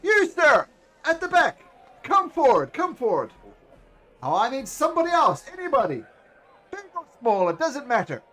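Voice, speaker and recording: Guy putting on a loud squealy ringmaster, big showy carnival hype, up and down all over. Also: very high-pitched, wildly swooping pitch, pitched above the performer's own voice, exaggerated voice. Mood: coaxing. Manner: grand showman announcing, drawn-out exclamations. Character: flamboyant male circus ringmaster, showy and booming.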